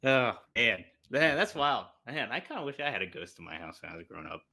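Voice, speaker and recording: A man co-hosting a podcast in casual chat, answering with quick, short remarks. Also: mid-range voice, big pitch swings, gravelly, sharp tone. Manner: reacts often with short remarks and laughs. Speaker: podcast co-host.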